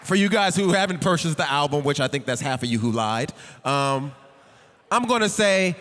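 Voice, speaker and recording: A man's voice: a little high, animated, normal speed, fairly bright tone, big-room sound. A man performing live on stage, joking with the crowd, leading call-and-response and rapping. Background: guitar and band music.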